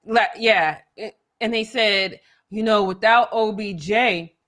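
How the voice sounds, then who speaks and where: A woman co-hosting a casual sports talk show, animated and emphatic, her voice jumping up high when she makes a point. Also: slow.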